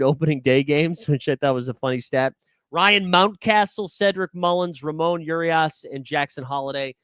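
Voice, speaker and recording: A man's voice: a little high, fairly bright tone, clean tone, dry recording, studio quality. A young man hosting a live fantasy sports stream, talking casually and jokily with lots of filler words. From New England.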